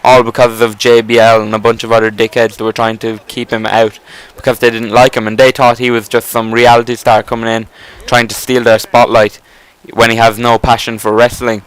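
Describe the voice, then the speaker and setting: A man talks over gameplay in a loose, rambling way, full of restarts, fillers and the odd curse. His voice is smooth and clear and sits at an ordinary middle pitch. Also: flat delivery, fairly quick, hardly any pauses, rough recording. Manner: enthusiastic, rambling, casual swearing. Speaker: gameplay commentator. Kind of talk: casual rambling commentary.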